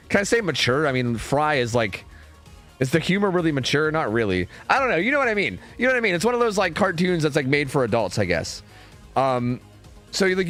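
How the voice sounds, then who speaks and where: A man's voice: medium pitch, fairly bright tone. A man chatting casually with his stream viewers, rambling and swearing a lot, full of fillers. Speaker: streamer and game caster.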